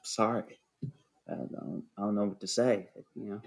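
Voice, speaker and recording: A man co-hosting a comedic podcast, talking quietly and sheepishly, often apologizing. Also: lowish voice, steady tone, normal speed, vocal fry, breathy edge. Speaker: podcast co-host.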